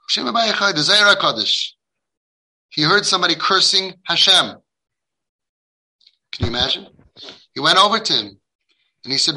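A man's voice: fairly high pitch, bright, forceful tone, husky, poor audio. A man giving a heartfelt lecture to parents, speaking emphatically, acting out the dialogue he quotes, and dropping in Hebrew and Yiddish religious terms. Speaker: parenting guide addressing parents.

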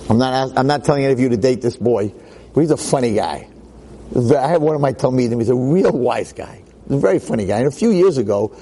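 Middle-aged rabbi, lively storyteller to a girls' class. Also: mid-range voice, slight background noise, low-quality recording. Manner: animated, acts out voices in stories. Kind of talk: storytelling Torah talk.

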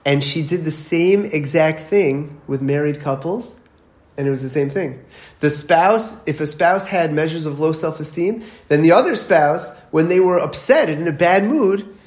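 A man's voice: a little high, a little slow. A man giving an informal lecture as a religious teacher, conversational and often checking in with his listeners. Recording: echoey room.

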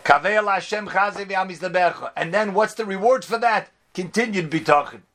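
High-voiced man giving a religious lecture. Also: a little fast, a bit bright. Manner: repetitive, emphatic storytelling with Hebrew and Yiddish terms. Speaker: Torah teacher.

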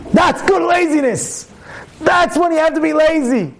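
A rabbi giving a sermon on the weekly Torah portion. He is emphatic, repeats phrases, asks rhetorical questions, and shifts between loud outbursts and low asides. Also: a little slow.

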